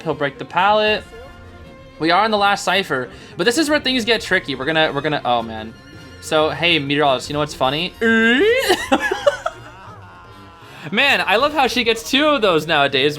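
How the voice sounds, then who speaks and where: A young man giving casual, excitable commentary on a video game, groaning in sympathy and using lots of slang. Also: fairly high pitch. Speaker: gaming streamer.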